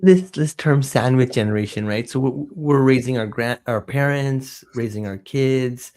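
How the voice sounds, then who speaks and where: A man's voice: medium pitch, moderate pace, a little mellow. A man hosting an interview, asking eager casual questions packed with "like" fillers. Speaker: podcast host.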